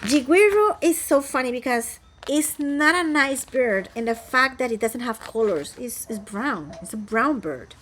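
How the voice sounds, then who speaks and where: Chatty Costa Rican woman, fairly high voice. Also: expressive, unhurried, hardly any pauses, fairly bright tone, a little hiss or hum. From Costa Rica. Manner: chatty, rambling, many restarts and fillers. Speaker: flosstuber, cross-stitch vlogger. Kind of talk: casual chat to camera. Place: home, indoors.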